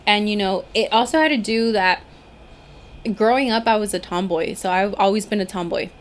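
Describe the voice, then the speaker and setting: A woman's voice: mid-range voice, moderate pace, a little hiss or hum. Guest, female, young adult, frank and profane, faint background ambience. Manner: frank, blunt, swears freely. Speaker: podcast guest. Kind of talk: casual chat.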